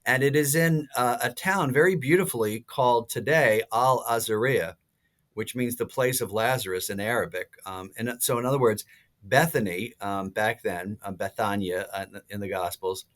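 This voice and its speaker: A priest in his sixties, a podcast guest, telling stories in a lively way with many fillers and restarts. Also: medium pitch, normal speed. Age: 60s. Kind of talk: casual podcast interview.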